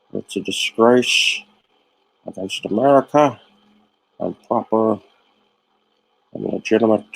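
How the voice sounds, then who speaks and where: A man putting on a pompous male prosecutor addressing a jury in a slightly lower voice. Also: vocal fry, husky, full character voice, rough recording. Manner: pompous, orating.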